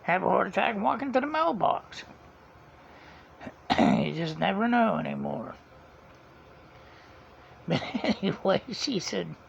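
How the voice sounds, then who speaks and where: Gravelly high-voiced man rambling. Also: lively intonation, measured pace, long pauses. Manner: rambling, chuckles often, retells dialogue. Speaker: vlogger. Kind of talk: casual storytelling. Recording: dull lo-fi sound, faint background hiss.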